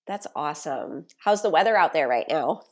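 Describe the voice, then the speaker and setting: A woman's voice: low voice, lively intonation, normal speed. A woman hosting a podcast, welcoming her guest with enthusiasm. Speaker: podcast host. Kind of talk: conversational interview.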